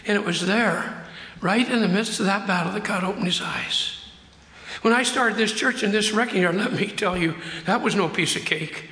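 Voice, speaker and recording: Older pastor guy preaching, highish bright voice, acts out the quotes, big echoey church. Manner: preaching with dramatized quotes and emphatic slowdowns. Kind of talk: sermon. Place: church sanctuary. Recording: echoey hall.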